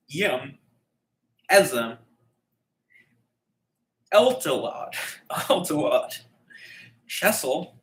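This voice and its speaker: A man's voice: mid-range voice, sharp tone, roomy sound, rough recording. A man reading scripture aloud in a casual, joking way, tripping over hard names and breaking off into wisecracks and the odd curse. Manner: stumbles over names, jokey asides, swears. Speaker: bible reading podcaster. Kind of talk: casual comedic bible reading.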